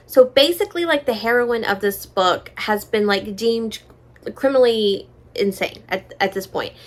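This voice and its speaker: Chatty, high-voiced woman vlogger. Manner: chatty, filler-heavy, drops into soft asides. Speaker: book vlogger. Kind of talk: casual book chat.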